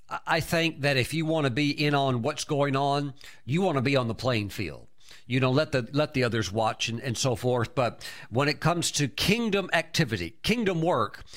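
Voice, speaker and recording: A man's voice: mid-range voice, a bit bright. A man preaching a sermon, emphatic, breaking into exclamations of praise and often repeating and restarting his words.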